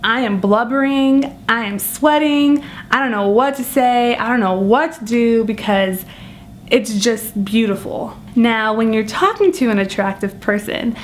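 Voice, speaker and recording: A young woman telling self-deprecating comic stories in an animated vlog monologue. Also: fairly high pitch, a little slow, slight background noise. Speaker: vlogger.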